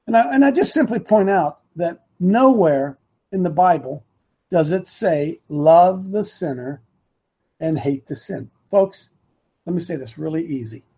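A man's voice: on the high side, animated, unhurried, warm tone, breathy edge. A man hosting a live opinion talk show, rambling and repeating himself for emphasis while talking to his producer and the chat.

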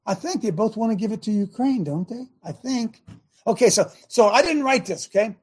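A man's voice: high-pitched, expressive, brisk, darkish tone, breathy edge. A man hosting a call-in religious talk show, preaching emphatically and repeating phrases for stress.

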